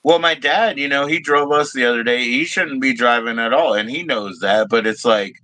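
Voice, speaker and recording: Man, casual livestream chat, teasing jokes, crisp bright tone, dry close sound. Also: mid-range voice, normal speed, no echo. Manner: joking, teasing, laughs often. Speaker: livestream co-host.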